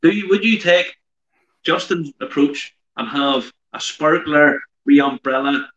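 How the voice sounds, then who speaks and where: A man's voice: on the high side, a little slow, a bit bright, a little hiss or hum. Blunt male co-host, dull roomy sound. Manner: blunt, opinionated. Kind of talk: casual chat.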